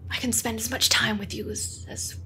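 A woman voicing a weary male halfling adventurer in a tabletop game, speaking softly with sighs. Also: fairly high pitch, flat delivery, moderate pace, a little hiss or hum. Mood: weary tender. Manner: soft, sighing, trailing off.

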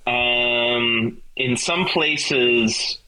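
A man's voice: medium pitch, bright, forceful tone, rough recording. A man from Texas with a mild Texan accent, a podcast guest talking casually with many restarts and ums. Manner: halting, many restarts and ums, candid and profane. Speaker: podcast guest, metal guitarist. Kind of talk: casual interview chat.

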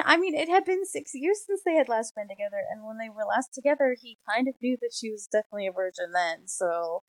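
Dry, animated woman chatting books. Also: fairly high pitch, no echo, rough recording. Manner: animated, gushing storyteller. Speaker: podcast co-host. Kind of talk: casual book discussion.

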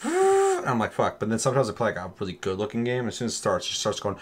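A man's voice: medium pitch, wildly swooping pitch, fast talker, few pauses, a bit bright, slightly rough. A man in casual chat on a gaming podcast, talking animatedly, swearing freely and acting out voices in his stories.

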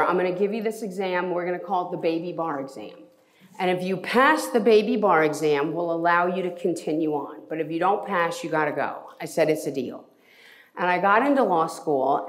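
Animated woman telling a story. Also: medium pitch, slight background noise. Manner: lively, animated storyteller acting out quotes; casual, swears freely. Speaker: entertainment lawyer. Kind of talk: storytelling interview.

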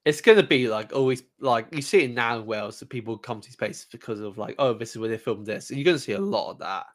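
A man's voice: medium pitch, lively intonation, fast talker. A man from England co-hosting a podcast in casual chat, hesitant with lots of ums and repeated words. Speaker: podcast co-host.

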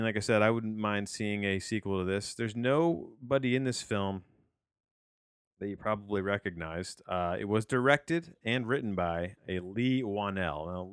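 A man with a very low, smooth voice talks through a film review in a loose, rambling podcast style. He restarts his sentences often and drops in wry asides. The sound is close and dry. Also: dry recording. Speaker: podcast host reviewing a movie. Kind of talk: casual rambling movie review.

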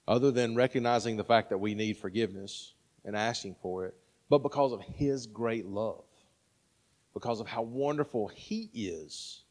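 A man's voice: medium pitch, a little mellow, big-room sound. A man in his thirties preaching a sermon in a conversational way, often checking in with "right?". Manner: conversational, frequent "right?" asides. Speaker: pastor.

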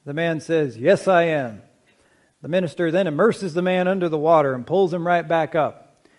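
Preaching to his congregation, this middle-aged male pastor speaks in a measured, conversational way, pausing his pace to emphasize key points and asking listeners questions. His voice is a little high and a little mellow.

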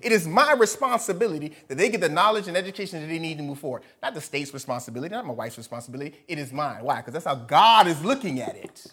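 A man preaching a sermon, animated, moving between loud emphatic lines and soft asides, often laughing. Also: a little high, quick pace, few pauses, husky. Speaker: pastor.

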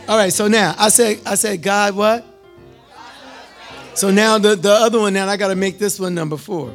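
High-voiced, gravelly preacher. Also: male voice, steady tone, moderate pace, soft background music, some chatter behind. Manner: call-and-response, repetitive, swings from loud to hushed. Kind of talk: sermon.

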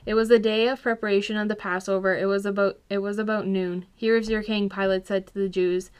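A woman reads a scripture story aloud in plain narration. Her voice is smooth and resonant, the delivery simple with an occasional restarted phrase. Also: medium pitch, level tone, brisk, a little mellow. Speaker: scripture reader. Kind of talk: scripture reading.

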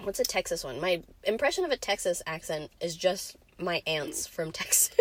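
A woman's voice: fairly low pitch, animated, moderate pace. A young woman with a General American accent, chatting casually with friends in a rambling, giggly way. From USA. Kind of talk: casual chat.

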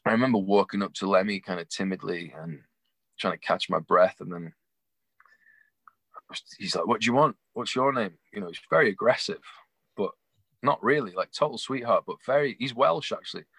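A young man telling a rambling, animated anecdote with laughs, acting out the voices of the people in it. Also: low-pitched, moderate pace, creaky, long pauses, breathy edge, no room sound. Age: young adult. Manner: acts out quoted voices. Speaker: guest. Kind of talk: casual storytelling.

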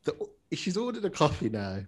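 A man, joking around as a podcast co-host. His voice is a bit husky, and his pitch swings widely as he laughs through slangy banter. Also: wildly swooping pitch, a little fast. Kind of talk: casual chat.

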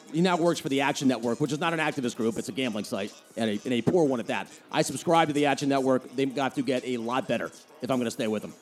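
A man's voice: mid-range voice, a little mellow. A man from New Jersey with a New Jersey accent, hosting a solo podcast and ranting sarcastically about the news. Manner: sarcastic, heated, mocking. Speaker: podcast host. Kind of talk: opinionated solo podcast rant.

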